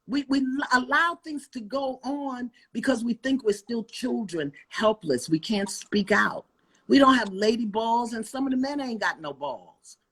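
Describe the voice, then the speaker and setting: An older woman, speaking with fiery, emphatic conviction on a live video call, swinging between loud outbursts and low asides. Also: lively intonation, measured pace, breathy edge. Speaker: guest author and life coach. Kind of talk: impassioned preaching-style talk on a live video call. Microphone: phone on a live video call.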